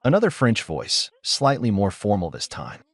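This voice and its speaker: A man narrating a first-person story in a steady, measured way. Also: on the low side, no echo, clean studio sound.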